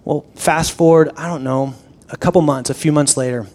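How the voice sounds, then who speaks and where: A man with a slightly high voice gives a sermon as a relaxed personal story. He talks like a pastor chatting with his congregation, animated and repeating words as he restarts his sentences. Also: moderate pace.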